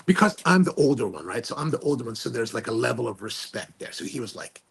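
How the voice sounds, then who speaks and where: A male podcast host telling a story in a casual, animated way, full of slang and restarts. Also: medium pitch, fast talker, creaky, husky.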